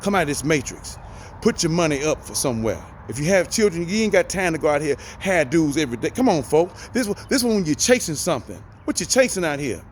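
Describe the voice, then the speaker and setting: A middle-aged man talks from inside a vehicle, handing out folksy life advice in an animated, preachy way. His voice sits high and jumps all over the place as he drives his points home. He keeps repeating phrases for emphasis, with a faint hum behind him. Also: quick pace. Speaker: vlogger giving life advice. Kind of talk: casual motivational talk.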